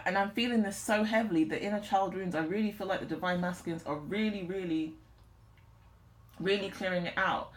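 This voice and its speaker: A woman's voice: medium pitch, roomy sound. A woman giving a channelled tarot reading, speaking earnestly and close to tears. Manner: earnest, emotional, on the verge of tears. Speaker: tarot reader.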